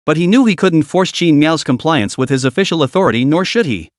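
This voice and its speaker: A man's voice: a little high, animated, fairly quick, no echo, studio quality. A man reading a story as narrator in a dramatic storytelling manner. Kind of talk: scripted narration.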